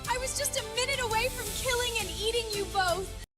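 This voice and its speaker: A woman voicing a frantic, hungry woman in a comic AI war video, shrill and desperate, with music behind. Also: brisk.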